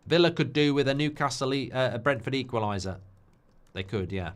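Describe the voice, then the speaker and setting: Animated chatty man ranting on a stream. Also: medium pitch, a little fast. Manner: chatty and opinionated, full of tag questions like "haven't they?"; gets heated and ranty when making a point. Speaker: host of a live football watchalong stream. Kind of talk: casual live-stream chat reacting to viewer messages.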